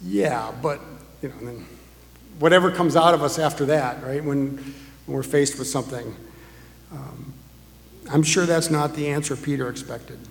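A man's voice: medium pitch, normal speed, gravelly, long pauses. A man preaching a sermon as a pastor, talking conversationally and putting rhetorical questions to the congregation. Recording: echoey hall with long reverb.

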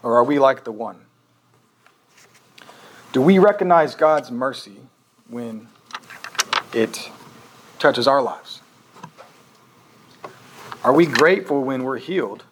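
A man's voice: medium pitch, animated, slow pace, long pauses, low-quality recording. Man, pastor, conversational sermon, earnest, faint background hum. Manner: earnest, questioning, with frequent restarts.

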